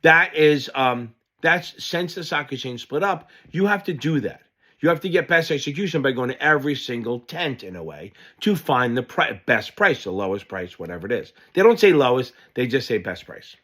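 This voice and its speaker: A man teaching exam material by telling a rambling personal anecdote. He talks in an animated, offhand way and drops the odd curse. His voice sits at an ordinary, middle pitch. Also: normal speed. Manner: animated storyteller, loose and profane. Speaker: exam prep tutor. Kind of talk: casual lesson told through a personal anecdote.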